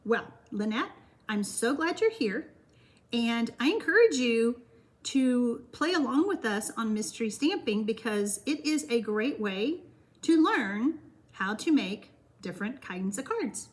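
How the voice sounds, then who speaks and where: An older woman with a Texan accent hosts a live card-making class, reading viewers' comments aloud and answering them warmly. Her fairly high voice is very animated and a little slow.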